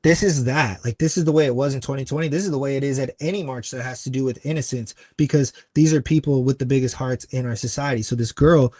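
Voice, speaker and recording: A man guest on a podcast, telling a story earnestly and acting out other people's lines with sudden jumps in pitch. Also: fast talker, hardly any pauses, mellow, no room sound. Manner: earnest, acts out quoted voices with big pitch jumps. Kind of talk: conversational storytelling.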